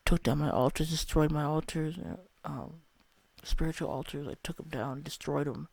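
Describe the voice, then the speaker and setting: A man's voice: fairly high pitch, normal speed, gravelly, a little mellow, no room sound. A young man telling a candid, rambling personal story about a spiritual experience, swearing often. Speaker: vlogger.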